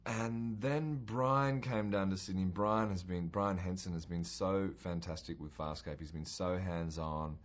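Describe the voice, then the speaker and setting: A man's voice: deep voice, steady tone, unhurried, few pauses. A man, a cast member, talking reflectively in an interview with loose, thoughtful phrasing.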